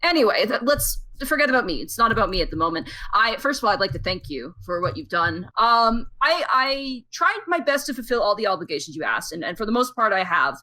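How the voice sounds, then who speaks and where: A woman's voice: mid-range voice, big pitch swings, brisk, few pauses, sharp tone. A woman running a tabletop game as game master, narrating scenes and voicing characters in a chatty way, with many fillers and restarts.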